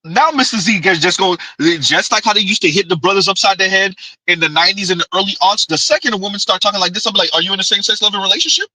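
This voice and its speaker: Male streamer, sarcastic reaction commentary; high voice with a piercing edge. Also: fast, bright, forceful tone, no echo, poor audio. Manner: mocking, sarcastic.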